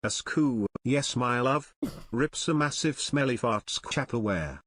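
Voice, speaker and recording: A woman doing a mocking, gruff low male voice, slow and husky. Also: dry recording, studio quality, full character voice.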